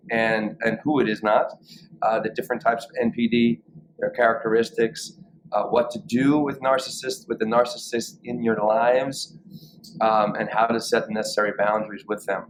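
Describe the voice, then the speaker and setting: A man co-hosting a podcast in casual chat, joking loosely and swearing playfully. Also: mid-range voice. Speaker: podcast co-host. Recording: noisy background ambience.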